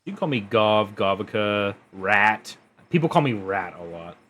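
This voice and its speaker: A young man live-streaming a story game, chatting casually with a giggly, playful, animated manner. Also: lowish voice, moderate pace.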